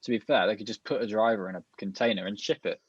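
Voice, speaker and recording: A man co-hosting a podcast in a playful, joking way. His voice is husky, and the lo-fi recording is dry and a little dull. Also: lowish voice, no echo. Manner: jokey, laughs often, quick tangents. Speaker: podcast co-host. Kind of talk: casual chat.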